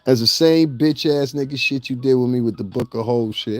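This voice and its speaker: Mellow-voiced man ranting in mocking commentary. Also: mid-range voice, a little fast, few pauses, no room sound, faint music behind. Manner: mocking, laughs at his own jokes. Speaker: celebrity gossip commentator.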